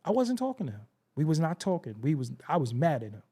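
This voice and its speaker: A man's voice: fairly high pitch, sing-song, quick pace, mellow, breathy edge. A man hosting a hip-hop talk show, telling stories in a casual, streetwise way full of slang, repeats and emphatic asides. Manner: frequent profanity and slang. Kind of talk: casual commentary monologue.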